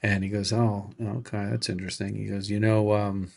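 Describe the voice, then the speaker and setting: A man's voice: fairly low pitch, little pitch movement, normal speed, vocal fry, a little mellow. A man guest telling a casual anecdote, acting out the dialogue as he goes. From California, USA. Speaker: podcast guest. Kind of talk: casual storytelling.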